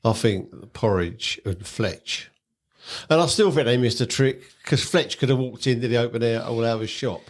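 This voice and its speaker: Male co-host, mid-range voice, relaxed and enthusiastic in chat. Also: mid-range voice, moderate pace. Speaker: podcast co-host. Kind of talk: casual chat.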